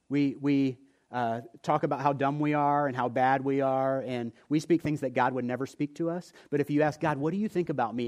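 Man preaching, earnest pastor, swells louder then drops soft, mid-pitched voice. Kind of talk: sermon.

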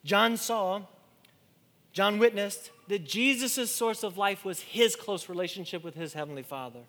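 A man preaching a sermon, swinging between loud declarations and hushed, intimate lines, often repeating and restarting words. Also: high-pitched, measured pace. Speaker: pastor. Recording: long hall reverb.

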